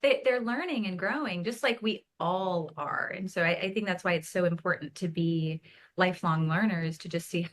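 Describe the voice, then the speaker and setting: A woman in her thirties chatting as a podcast guest, telling stories with animated energy and frequent laughter. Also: lowish voice. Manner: animated storyteller, laughs often. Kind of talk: casual chat.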